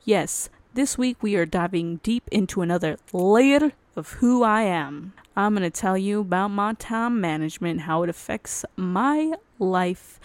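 Young woman, solo podcast host, rambling casual chat, frequent laughs, lowish voice, dry close sound. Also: dry recording. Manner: rambling, self-interrupting, laughs often.

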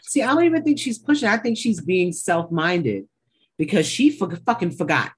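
A woman's voice: fairly low pitch, very animated, normal speed, slightly rough. A woman co-hosting a casual TV recap, blunt, opinionated and swearing freely. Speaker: podcast co-host.

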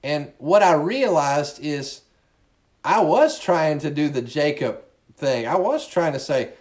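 Pastor guy preaching casual-like, kinda high voice, earnest, stumbles and repeats himself. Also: lively intonation, slow, a little mellow. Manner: earnest, repeats words as he restarts. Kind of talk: conversational sermon.

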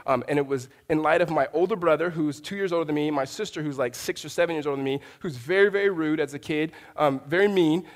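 High-voiced male pastor preaching in a reverberant hall. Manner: conversational, with frequent restarts and storytelling asides. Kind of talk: sermon.

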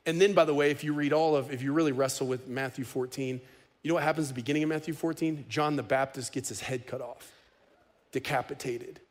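A man preaching a sermon as pastor, conversational and animated, with casual humor. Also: medium pitch, fast.

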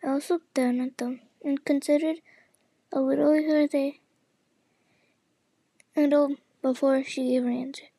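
A woman reading a storybook aloud in a halting way, with frequent restarts and slips. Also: high-pitched, fairly even intonation, mellow, no echo. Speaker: storybook reader.

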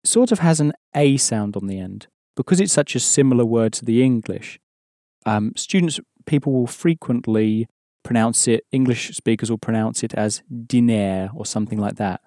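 A man's voice: medium pitch, normal speed, mellow, no room sound, clean studio sound. A man teaching an audio language course, patiently explaining and prompting the learner to answer.

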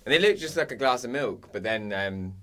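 In a brisk, sharp, medium-pitched voice with lively intonation, a young man co-hosting a podcast tells a rambling dream story. It's casual chat, studded with "um"s and repeated "I was like."

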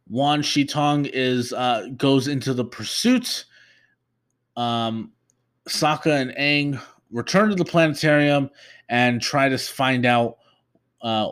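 A man hosts a podcast and walks through a plot recap in a loose, meandering way. He talks at an unhurried, slow pace. His voice sits at an ordinary middle pitch, and he stumbles through plenty of "uh"s and restarts. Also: fairly bright tone. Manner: halting, filler-heavy, meandering. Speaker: podcast host. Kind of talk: casual episode recap.

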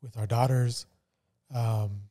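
A man co-hosting a podcast, telling a painful family story in a somber, halting way with many fillers. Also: mid-range voice, steady tone, dark tone. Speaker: podcast co-host. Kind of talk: casual personal testimony.

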